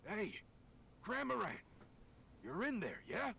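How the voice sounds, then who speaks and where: A woman's voice: sing-song, takes it slowly, gravelly, fairly bright tone, exaggerated voice. Pikachu, a woman voicing a bouncy mouse detective. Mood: coaxing. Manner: bouncy, sing-song delivery that swings widely in pitch. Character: small male electric-mouse detective, earnest and curious. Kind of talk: let's-play voice acting over game dialogue.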